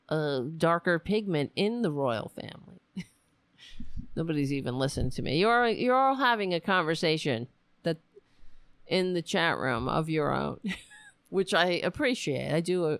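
A woman's voice: fairly low pitch, creaky, no echo. A middle-aged American woman hosting a political talk stream from home, rambling and swearing, laughing often and chatting with her viewers. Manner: rambling, profane, laughs often, talks to chat. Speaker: political talk show host. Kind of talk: casual live-stream commentary.

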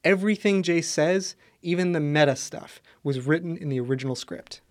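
A man with a slightly high voice delivers scripted links as a radio host. His narration is smooth and conversational. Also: normal speed, slight background noise.

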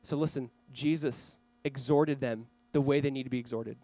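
A man's voice: medium pitch, steady tone, moderate pace, warm tone, no echo, poor audio. A man preaching a sermon as pastor, earnestly urging his listeners. He speaks straight to a camera for viewers watching online.

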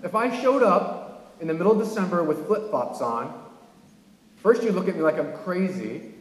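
A high-voiced man from California preaches to his congregation, rising sharply on his key points. His voice rings through a roomy church sanctuary with a long, lingering reverb. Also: moderate pace. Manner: animated preaching with sudden emphatic rises. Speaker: pastor. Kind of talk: sermon. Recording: echoey church hall.

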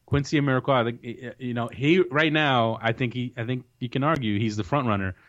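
With a fairly quick, medium-pitched and slightly bright voice, a man hosts a soccer podcast and casually shares confident match predictions. He often restarts what he's saying, and the recording sounds dull and lo-fi.

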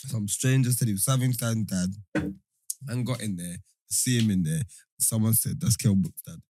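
A young man telling a story in casual chat, animated and full of slang fillers. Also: fairly low pitch, normal speed, slight background noise.

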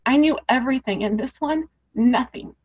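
A woman with a fairly high voice tells a painful personal story as an interview guest. She is earnest and emotional and circles back on the same phrases to stress them. The audio is muffled and lo-fi, like a modest podcast setup. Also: normal speed, breathy edge. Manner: earnest, repeats phrases for emphasis; emotional, rising intensity.

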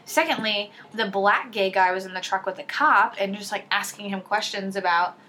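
Bright-voiced woman podcast co-host. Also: medium pitch, moderate pace, a little hiss or hum. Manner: chatty, teasing, animated retelling. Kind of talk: casual chat.

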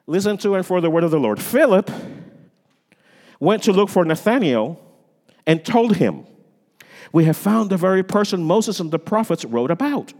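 A man preaching a sermon as pastor, dramatic, swinging between loud lines and hushed ones. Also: high voice, very animated, normal speed. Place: church sanctuary. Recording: long reverb of a church hall.

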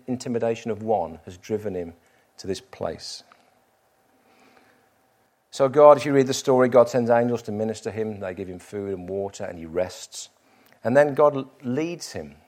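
Middle-aged male pastor with a lowish voice, storytelling sermon delivery that leans on rhetorical questions. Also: darkish tone. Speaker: preacher.

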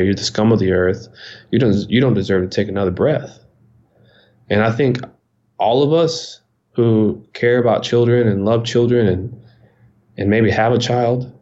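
A man in his forties recounting his own story in an interview, halting and repeating words, often pausing. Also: on the low side, darkish tone, lo-fi sound. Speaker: interview guest. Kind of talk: emotional personal account.

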